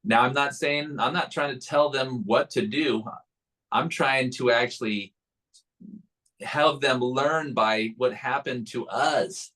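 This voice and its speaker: A man in a political interview discussion, firm and measured as he argues his point. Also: medium pitch, a bit bright, rough recording.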